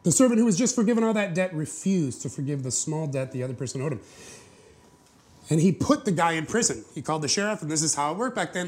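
A man's voice: a little high, big pitch swings, fast, a little mellow. A man preaching a sermon to a congregation, retelling a parable in a conversational, joking way. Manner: conversational, jokey, acts out quotes. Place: church before a live congregation.

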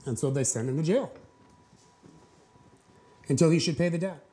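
A man's voice: on the high side, moderate pace, dark tone. A man preaching a sermon to a congregation, retelling a parable in a conversational, joking way. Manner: conversational, jokey, acts out quotes. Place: church before a live congregation.

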